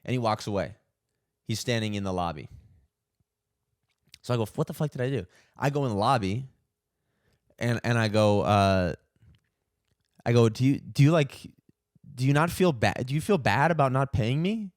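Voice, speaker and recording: A man's voice: mid-range voice, lively intonation, moderate pace, long pauses, dry recording, studio quality. A man who is a comedian and podcast host, delivering a profane, indignant comic rant full of stammered restarts. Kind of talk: ranting comic monologue.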